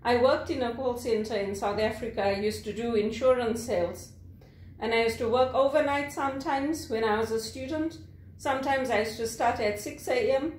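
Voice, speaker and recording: A woman from Zimbabwe, talking candidly about call center work, animated, acting out angry callers and laughing often. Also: a little high, normal speed, roomy sound, a little hiss or hum. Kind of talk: candid personal monologue.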